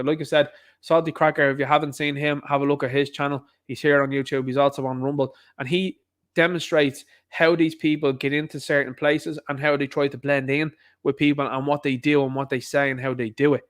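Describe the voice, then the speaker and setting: A man's voice: on the high side, fairly even intonation, fast. A man hosting a livestream, with rambling commentary full of repeated asides. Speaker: livestream host.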